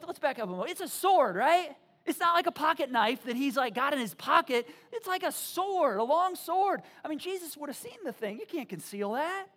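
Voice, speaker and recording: A woman preaching a sermon, retelling stories in a lively, conversational way with frequent restarts. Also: high-pitched, moderate pace, hardly any pauses. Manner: animated, conversational storytelling with many restarts.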